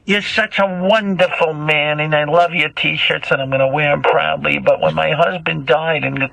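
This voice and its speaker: A man's voice: on the high side, steady tone, normal speed, gravelly, sharp tone, dry recording, exaggerated voice, low-quality recording. A man voicing a hesitant elderly widow calling a radio advice show, full of uhs, in a comedy role-play. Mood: fretful. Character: elderly fretful widow caller.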